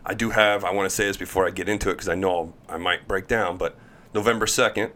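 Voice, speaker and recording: A man in his thirties, a pro pitcher, telling chatty, animated stories as a podcast guest. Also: fast. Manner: chatty, animated storyteller who acts out quotes. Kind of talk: podcast interview storytelling.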